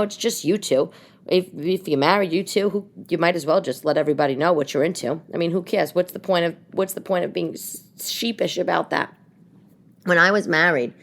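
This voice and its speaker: A middle-aged woman with a New York accent, hosting a podcast and chatting casually, telling stories in an animated way with lots of restarts. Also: lowish voice. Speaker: podcast host. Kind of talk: casual chat.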